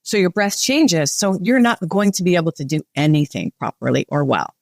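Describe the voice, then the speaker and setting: Calm woman guiding breathwork. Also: fairly low pitch, a little fast, creaky, no echo, studio quality. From United States. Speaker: breathwork facilitator guest. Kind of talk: guided breathing and podcast chat.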